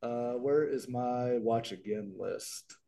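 This is a casual podcast chat in which a middle-aged co-host rambles and frequently starts his sentences over. He speaks at a slow pace with a mellow, medium-pitched voice.

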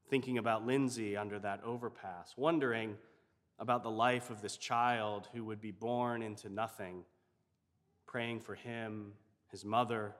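A man, a chaplain, telling a story in a reflective, measured way. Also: lowish voice, fairly bright tone, in a large hall. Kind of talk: storytelling sermon.

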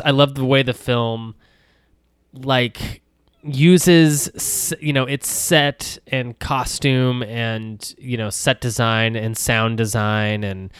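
A man's voice: medium pitch, fairly bright tone, clean tone, dry recording, clean studio sound. A man co-hosting a podcast, talking casually about films, rambling with lots of fillers and restarts, laughing and swearing now and then. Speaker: podcast co-host. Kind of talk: casual film discussion.

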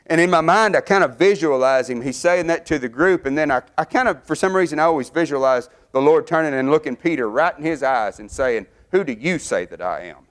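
Fervent preacher, higher-pitched man. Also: brisk, hardly any pauses. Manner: fervent, climbing in pitch and force as he builds. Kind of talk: sermon.

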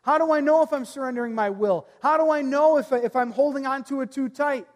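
A man pastor preaching a sermon earnestly, reading scripture aloud and letting his phrase ends fall soft. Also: very high voice, brisk, in a large hall, highs cut off.

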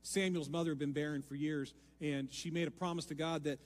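A man pastor preaching a sermon, swinging from hushed lines to loud, emphatic appeals. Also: a little high, steady tone, fairly quick, big-room sound. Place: church sanctuary.

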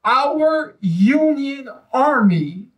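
A man's voice: extremely high pitch, very animated, drawn-out words, distant mic, low-quality recording. A man, a historian and guest speaker, talking in a live public discussion in an emphatic, storytelling way. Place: live event venue.

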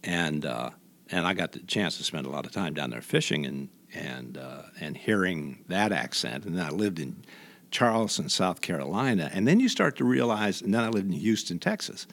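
A man from Indiana, a guest in an interview, telling stories in a halting way with many restarts. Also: low-pitched, very animated, gravelly, a bit bright. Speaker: guest, voice imitator. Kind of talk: reflective conversational storytelling.

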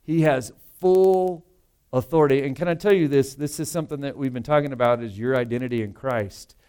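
Male pastor, mid-pitched and resonant, preaching emphatically in a casual, talky way. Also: fairly quick, warm tone, smooth. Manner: conversational and emphatic, with frequent rhetorical asides. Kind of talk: sermon.

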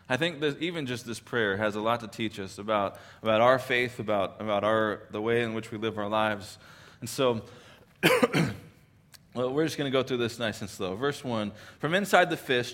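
A man preaching a sermon in a conversational way, often restarting his sentences and checking in with his listeners, and slowing down when he quotes scripture. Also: fairly low pitch, fairly bright tone. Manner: conversational, many restarts and tag questions. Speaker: pastor.

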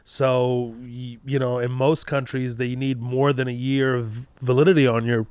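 A man's voice: mid-range voice, level tone, measured pace, a little mellow, clear, resonant tone, no room sound. A man who grew up in Kuwait, a comedian guest telling a story in a casual podcast chat, acting out voices and swearing freely.

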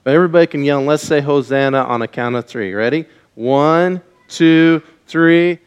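A man with a voice on the high side, speaking smoothly at normal speed, gives a children's message in a church sanctuary before the congregation. Using a worn mic, he asks the kids questions and leads call-and-response, though the recording is muffled.

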